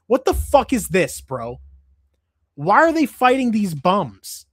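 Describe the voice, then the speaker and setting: Brief: a fed-up male stream host who swears constantly, set a bit high and recorded dry. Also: wildly swooping pitch, takes it slowly, a bit bright, no echo. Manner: profane, exasperated ranting. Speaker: MMA show host. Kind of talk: casual livestream commentary.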